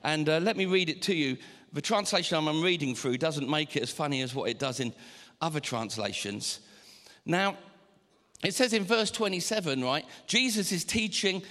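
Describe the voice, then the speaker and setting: A man with a high voice preaches a sermon in a church auditorium. He is animated, acting out little scenes and shouting now and then. His voice rings out with a long hall echo. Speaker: pastor.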